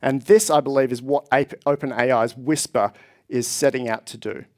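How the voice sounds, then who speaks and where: A man's voice: mid-range voice, fairly even intonation, normal speed, darkish tone. A man giving a technical conference presentation on stage, explaining with enthusiasm and speaking to a live audience.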